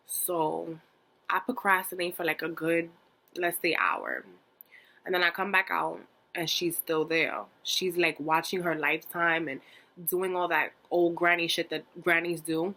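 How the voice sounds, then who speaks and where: A young woman telling a story in a casual vlog, animated and dramatic, swearing freely and packing her talk with fillers. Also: fairly low pitch, normal speed, vocal fry. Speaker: vlogger.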